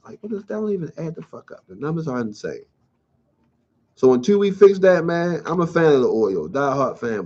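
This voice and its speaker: Profane ranting sports host, lo-fi. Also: male voice, fairly high pitch, mellow, slightly rough. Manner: blunt, profane, ranting, conversational slang. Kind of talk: solo sports rant show. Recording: dull lo-fi sound.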